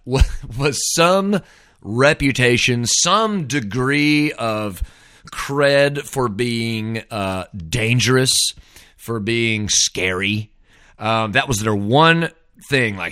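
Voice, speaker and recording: A man's voice: medium pitch, expressive, slow pace, bright, forceful tone, no echo, clean studio sound. A middle-aged man hosting a podcast, rambling through a wry, casual solo monologue full of "man" and "dude.". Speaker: podcast host.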